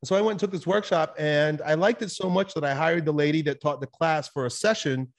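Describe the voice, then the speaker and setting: Man, slightly high voice, podcast guest, casual storytelling, animated and candid. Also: fairly quick. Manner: animated, candid, swears and laughs while telling the story.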